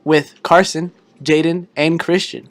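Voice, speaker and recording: A man's voice: on the high side, level tone, unhurried, slight background noise. A young man hosting a casual podcast, explaining with crude jokes and many fillers. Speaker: podcast host. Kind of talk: casual chat.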